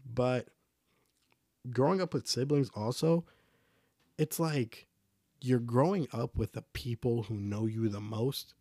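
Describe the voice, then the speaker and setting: A man's voice: medium pitch, slow pace, long pauses, darkish tone, no echo, clean studio sound. A young man casually telling stories about growing up, in a loose, rambling way with lots of fillers. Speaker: storyteller. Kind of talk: casual personal storytelling.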